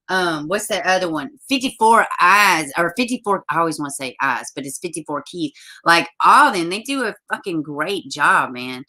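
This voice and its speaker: A young adult woman hosting a casual live-stream chat, blunt and animated, swearing freely. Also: on the low side. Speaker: channel host.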